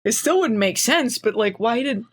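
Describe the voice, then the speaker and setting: A woman's voice: fairly high pitch, expressive, normal speed, husky. A woman hosting a podcast, recapping a TV episode in casual, sarcastic chat and laughing often. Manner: sarcastic, laughing, acts out quotes. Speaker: podcast host.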